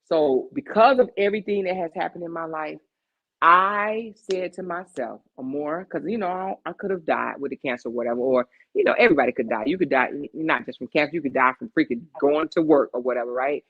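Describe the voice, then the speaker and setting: A woman's voice: low voice, fairly quick. Emphatic woman host, preachy heart-to-heart advice, rhetorical check-ins, muffled lo-fi recording. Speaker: podcast host. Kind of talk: casual heart-to-heart chat.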